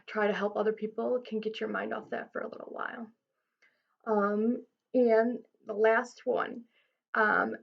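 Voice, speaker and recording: A woman's voice: fairly high pitch, gravelly, lo-fi sound. A woman giving informal mental health advice to camera, earnest and reassuring, with frequent ums and restarts.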